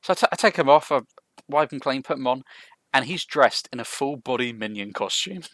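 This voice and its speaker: A man with a mid-pitched voice that moves a lot as he talks. He tells chatty anecdotes and reads out news items in a relaxed podcast manner. The recording is close and dry. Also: a little fast, no room sound. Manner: chatty anecdote telling, leads the news segment. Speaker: podcast co-host. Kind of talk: casual chat.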